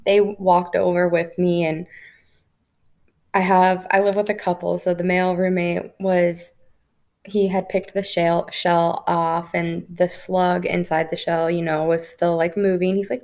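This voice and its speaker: Low, gravelly-voiced woman podcast host. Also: little pitch movement, normal speed, darkish tone. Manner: chatty storytelling, frequent "like" fillers. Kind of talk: casual spiritual podcast talk.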